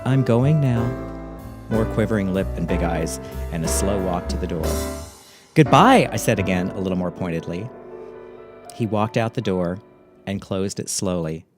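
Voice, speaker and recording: A middle-aged man telling a memoir story in a wry, catty, deadpan way. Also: deep voice, moderate pace, music in the background.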